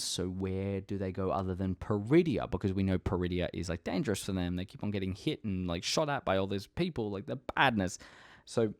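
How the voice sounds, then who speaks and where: Excitable young man rambling casually. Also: low voice, no room sound, clean studio sound. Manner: excitable, rambling, swears freely, laughs at himself. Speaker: fan channel host. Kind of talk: casual fan theory chat.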